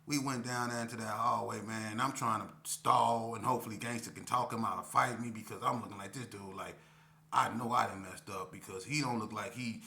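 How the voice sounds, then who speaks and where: Slangy man telling a story, bright tone. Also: lowish voice, fairly even intonation, a little fast, gravelly. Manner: slangy and candid, repeats himself, acts out dialogue. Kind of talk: casual spoken storytelling.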